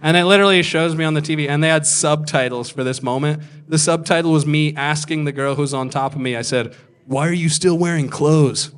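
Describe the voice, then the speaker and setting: A man's voice: fairly high pitch, fast talker, hardly any pauses, a bit bright, clean tone. A man in his thirties telling stand-up stories, crude and self-mocking, slipping into other people's voices. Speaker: stand-up comedian. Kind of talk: stand-up storytelling.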